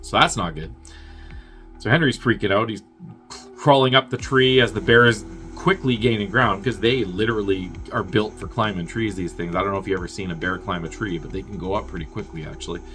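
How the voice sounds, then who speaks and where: A man with a lowish, bright and forceful voice walks through a film's plot in a loose, rambling way. He swears freely and breaks into chuckling asides. Faint music sits behind him. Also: fairly quick. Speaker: movie reviewer. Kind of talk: casual plot recap.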